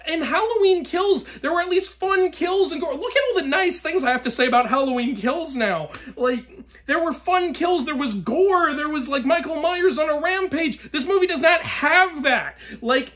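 A man's voice: very high-pitched, animated, moderate pace. Exasperated young man ranting. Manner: exasperated, swearing, swings between loud outbursts and weary sighs. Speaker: movie reviewer. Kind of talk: ranting film review.

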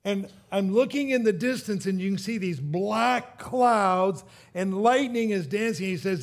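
A male preacher with a high-pitched voice, delivering a sermon through a personal story. He chuckles at his own jokes and often restarts his sentences as he goes. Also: a little slow, hardly any pauses. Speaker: pastor.

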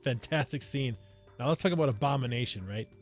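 A man's voice: mid-range voice, a little fast, soft background music. A man hosting a movie review channel, talking casually and enthusiastically straight to his viewers and often checking in with "right?".

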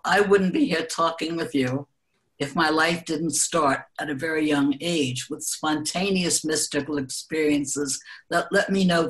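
An older woman answering interview questions, telling reflective personal stories in a gentle, unhurried way and laughing softly now and then. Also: deep voice. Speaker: guest speaker.

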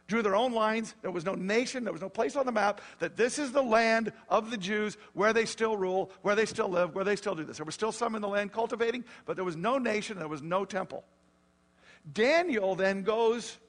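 In a church, a pastor preaches with a high-sitting, creaky voice. He explains scripture in an animated, conversational style, often putting questions to the congregation.

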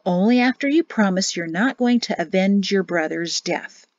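A woman voicing a grim but apologetic male guard who speaks low and earnestly. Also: animated, moderate pace, dry recording, highs cut off, close to an everyday voice.

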